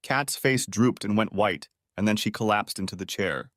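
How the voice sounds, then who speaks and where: A man reading a first-person story aloud as a narrator, steady and measured. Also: on the low side, no room sound, clean studio sound.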